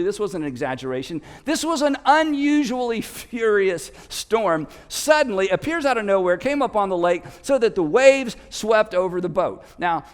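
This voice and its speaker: A man preaching a sermon as a pastor, telling a story in an animated way and shouting out the lines of the people in it. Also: high-pitched, clear, resonant tone, big-room sound. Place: church auditorium.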